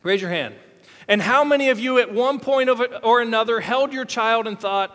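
A man's voice: very high voice, moderate pace, fairly bright tone. A male pastor in his thirties giving a sermon in a church, talking candidly and casually with some self-deprecating humor. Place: church hall. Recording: long reverb of a large hall.

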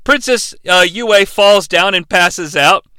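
Brief: high, bright man, sarcastic comic recap, dry close sound. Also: slow pace, clean tone, no echo. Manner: irreverent, animated, sarcastic. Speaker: podcast host.

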